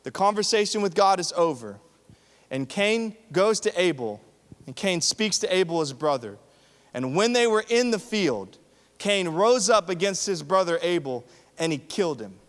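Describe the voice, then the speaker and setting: A man preaching a sermon to young adults, animated, dropping at times to quiet, hushed tones. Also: high voice, normal speed. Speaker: youth pastor. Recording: reverberant hall.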